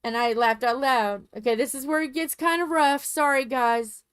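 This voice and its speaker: A woman's voice: sits high, normal speed, fairly bright tone, clear, resonant tone, dry recording. A woman chatting casually on a home live stream, rambling and joking and swearing freely.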